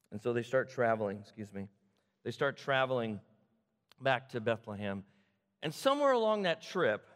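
A man from the Sacramento area preaching a sermon, retelling the story with animated repetition. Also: on the high side, long reverb tail. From Sacramento area, California. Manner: animated storytelling, repeats phrases. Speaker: pastor.

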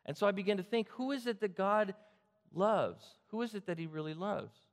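A man from the Sacramento area preaching a sermon, retelling the story with animated repetition. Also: sits high, brisk, big-room sound. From Sacramento area, California. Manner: animated storytelling, repeats phrases. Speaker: pastor.

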